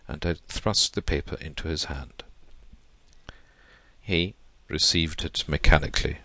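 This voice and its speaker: A man narrating a classic novel as an audiobook reading, in a measured storytelling way. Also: very deep voice, sharp tone, no room sound.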